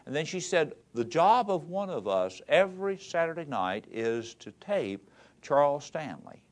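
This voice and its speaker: A man's voice: a little high, sing-song, measured pace, pitched above the performer's own voice. A man voicing a plainspoken, stubborn small-town church pianist, a woman with a matter-of-fact drawl.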